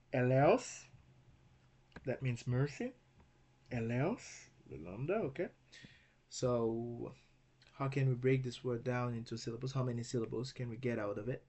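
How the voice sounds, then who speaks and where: A man teaching a recorded language lesson who spells words out slowly and patiently, often checking in with "okay?". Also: mid-range voice, a little mellow. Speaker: Greek teacher.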